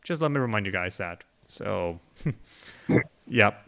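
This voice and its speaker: A man hosting a casual podcast chat. His voice is bright and clean, and he talks loosely, chuckling and restarting as he goes. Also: fairly low pitch, animated, slow pace, vocal fry. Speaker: podcast host.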